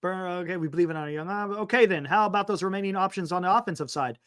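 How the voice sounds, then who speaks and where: A man hosting a sports talk livestream, reading an article aloud and breaking off for quick excited asides. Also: high voice. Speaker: sports talk show host. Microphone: streaming setup microphone.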